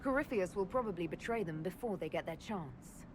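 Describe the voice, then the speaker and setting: An actress voicing a calm woman leader who speaks in a measured, quiet way. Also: on the low side, slight background noise, natural voice. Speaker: player character. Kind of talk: video game voice acting.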